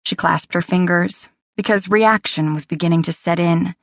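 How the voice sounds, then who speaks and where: A woman narrating a romance audiobook in a steady, measured way. Her voice is lowish and the studio sound is bone dry. She is close on the mic with nothing behind her. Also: no echo. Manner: even, measured storytelling.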